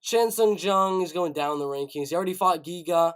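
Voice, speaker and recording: A man's voice: high-pitched, fairly quick, a bit bright, clear, resonant tone. A young man hosting a live stream, thinking aloud and often repeating himself as he stammers through ideas. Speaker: host.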